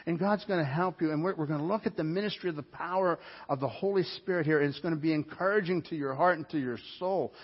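A man's voice: a little high, fast talker, hardly any pauses, slightly rough, big-room sound. Man preaching a storytelling sermon, dull audio. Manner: storytelling, rising to loud urgent bursts. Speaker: pastor. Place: church.

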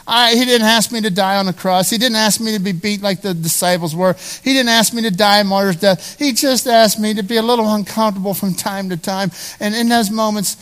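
A man's voice: high-pitched, fairly even intonation, a little fast, few pauses, a bit bright. A male pastor preaching a sermon. He speaks emphatically, repeats phrases for stress and talks straight to the congregation. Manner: conversational, addresses the congregation directly.

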